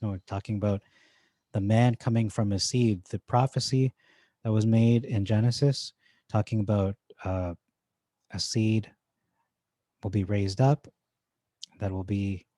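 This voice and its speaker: A man casually going through Bible verses one by one, thinking aloud with frequent pauses and restarts. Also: fairly low pitch, warm tone, dry recording. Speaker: Bible teacher. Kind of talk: informal verse-by-verse scripture comparison.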